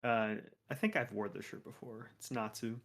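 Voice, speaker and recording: A man's voice: on the low side, fairly even intonation, moderate pace, a crowd in the background. A man co-hosting a podcast, chatting casually with short, dry interjections. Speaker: podcast co-host. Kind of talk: casual chat.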